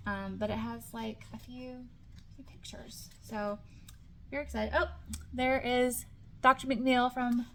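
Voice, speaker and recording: A woman's voice: medium pitch, slight background noise. A woman, in her thirties, chatting casually about books she bought, with many ums and restarts. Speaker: book vlogger. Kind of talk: casual chat.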